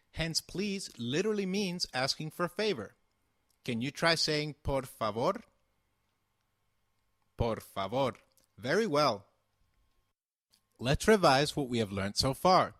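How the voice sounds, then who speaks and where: Male tutor, unhurried and clear, animated pitch, dead-dry studio sound. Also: no echo. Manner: slow, patient, enunciates each word. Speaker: language teacher. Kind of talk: scripted language lesson.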